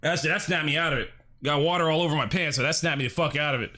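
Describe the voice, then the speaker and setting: A man's voice: fairly high pitch, quick pace, sharp tone. A man streaming a video game, chatting casually with his viewers, swearing freely and fighting off fits of laughter. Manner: laughing, swearing, talking to chat. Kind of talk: casual live-stream chat.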